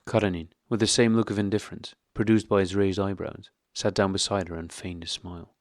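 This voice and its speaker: Male narrator, low voice, dry close sound, calm classic-novel audiobook read. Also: fairly quick, no echo.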